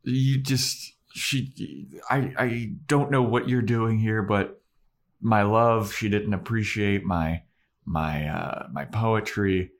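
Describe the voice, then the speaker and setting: A man's voice: lowish voice, takes it slowly, voice pushed up. A man playing a whiny, lovesick young poet. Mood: pleading.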